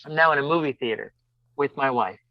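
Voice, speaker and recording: Guy telling a story on a podcast, lively, does little voices, dry muffled sound. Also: medium pitch, fairly quick, dry recording. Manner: animated storyteller, acts out voices. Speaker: podcast guest. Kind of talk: casual storytelling.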